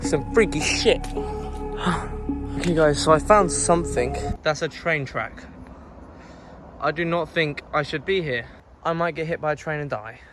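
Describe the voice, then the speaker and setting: A young man vlogging on a handheld phone while walking outdoors at night, chatting in a jokey, self-mocking, nervous way. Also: fairly high pitch. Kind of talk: walking vlog talking to camera. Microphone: handheld phone camera. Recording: background music over outdoor phone audio.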